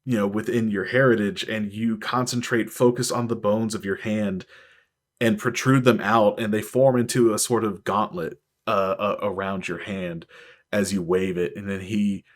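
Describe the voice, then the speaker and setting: A man's voice: fairly low pitch, fairly even intonation, normal speed. A man narrating a tabletop game as game master, loose and filler-heavy as he describes the scene.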